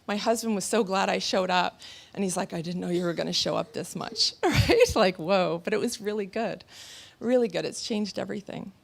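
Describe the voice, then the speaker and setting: A woman in her thirties giving a motivational talk on stage before a live audience, telling stories with animated energy and laughter. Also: medium pitch, vocal fry. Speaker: motivational speaker.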